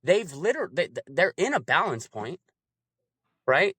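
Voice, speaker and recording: Animated man explaining coaching, dry close sound. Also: a little high, unhurried, slightly rough, dry recording. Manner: animated, acts out examples in changing voices. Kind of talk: casual chat.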